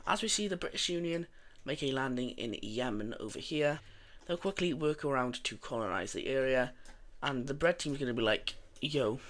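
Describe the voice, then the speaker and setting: Young male YouTube narrator, mid pitch, casual and rambling, full of fillers. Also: moderate pace. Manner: relaxed, rambling, many fillers and restarts. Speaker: mapping video narrator.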